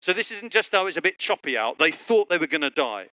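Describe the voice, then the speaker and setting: A man's voice: quick pace, dry recording, studio quality. A man preaching a sermon, telling a story and acting out the voices of people in it. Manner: lively storytelling, acting out quotes with big pitch jumps. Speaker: pastor. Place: church online service.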